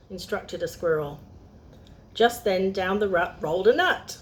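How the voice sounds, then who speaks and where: Lively woman reading a storybook aloud. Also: mid-range voice, measured pace. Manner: chatty asides to young listeners. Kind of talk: reading a picture book aloud.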